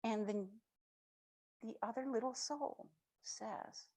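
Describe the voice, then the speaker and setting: Slow, husky woman giving a spiritual talk. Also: mid-range voice, rough recording. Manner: slow, reflective, affirming. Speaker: guest speaker. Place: spiritual center.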